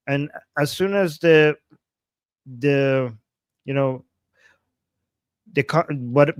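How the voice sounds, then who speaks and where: A man's voice: a little high, dry recording. A man hosting a casual livestream in his non-native English, reading viewer comments and often restarting his sentences earnestly. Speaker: livestream host.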